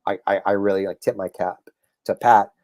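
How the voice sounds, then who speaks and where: A man, a comic book writer and guest on a casual podcast interview, telling stories with lively acted-out quotes and many restarts. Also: deep voice, fairly quick, no echo. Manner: animated storyteller, acts out quotes, frequent restarts.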